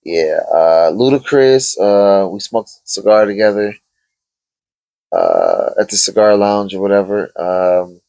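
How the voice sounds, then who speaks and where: A man's voice: lowish voice, sing-song, measured pace, gravelly, mellow, dry recording, poor audio. A man hosting a podcast, telling a story in a loose, slangy, boastful way and swearing freely. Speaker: podcast host. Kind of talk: casual storytelling chat.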